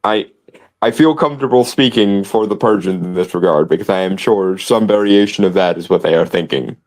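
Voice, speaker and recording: Low-voiced sardonic male commentator. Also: brisk, a little mellow, rough recording. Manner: sardonic, wordy, restarting phrases. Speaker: podcast co-host. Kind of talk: casual commentary.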